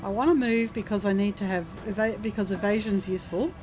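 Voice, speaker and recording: A woman's voice: mid-range voice, fast talker, music in the background. A woman streaming a video game, thinking aloud casually and explaining its mechanics as she plays. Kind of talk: casual gameplay commentary.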